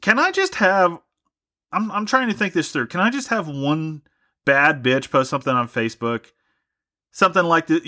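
A man's voice: on the high side, expressive, moderate pace, bright, forceful tone. A young man hosting a podcast, delivering a profane, mock-angry comedic rant. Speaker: podcast host.

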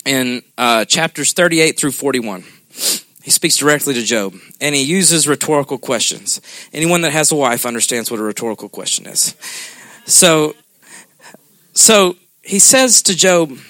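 Speaking at a moderate pace, a man preaches conversationally with lively intonation, regularly tossing "okay?" to the congregation. His voice sits on the high side and sounds pushed and bright. The clean studio recording has no echo.

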